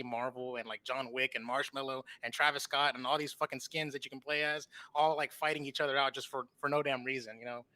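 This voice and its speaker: A man's voice: medium pitch, pushed and bright. A man appearing as a guest on a gaming podcast over an online call, talking in an enthusiastic, rambling way with casual swearing. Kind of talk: casual chat.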